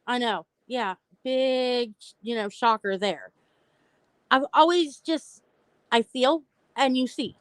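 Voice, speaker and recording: Slow and a little high, her voice comes through clean with no room sound. The mental health live streamer chats casually and openly about her personal story, addressing viewers directly.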